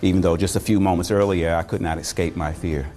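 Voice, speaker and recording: A male motivational speaker telling a personal story in a dramatic speech, deliberate with rhythmic repetition. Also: deep voice, steady tone, a little mellow, faint music behind.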